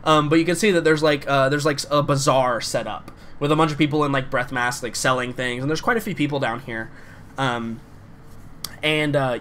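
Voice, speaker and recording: A man's voice: medium pitch, a bit bright, slight background noise. A man narrating a tabletop role-playing game as game master, loose and rambling with many fillers.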